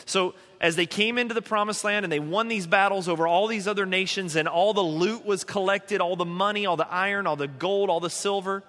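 Male pastor, sermon, earnest and conversational, bright tense voice, reverberant church hall. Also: high voice, brisk, few pauses. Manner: earnest, conversational preaching with pleading emphasis.

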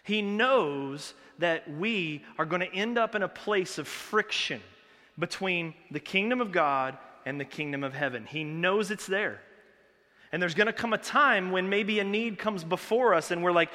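A man preaching a sermon as pastor, swinging between loud urgency and hushed, intense passages. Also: fairly high pitch, normal speed. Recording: long hall reverb.

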